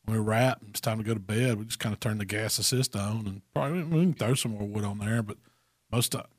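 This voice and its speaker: A man, co-hosting a casual barbecue chat and calmly explaining cooking step by step. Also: fairly low pitch, fast talker, dry recording, clean studio sound. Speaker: barbecue pitmaster co-host.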